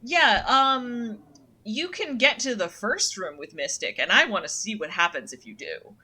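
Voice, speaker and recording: A young woman with a mid-range, bright, forceful voice and a breathy edge speaks expressively at a measured pace. She's streaming a story game as casual let's-play commentary, chatting and reading the game's narration aloud in second person, with fillers like "um" and "uh."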